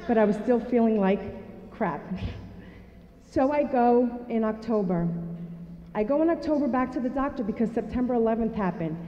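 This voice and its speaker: A woman giving a personal testimony to an audience. She tells it as an animated storyteller and acts out the dialogue. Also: fairly high pitch, normal speed. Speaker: speaker sharing a personal story. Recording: echoey hall, dull sound.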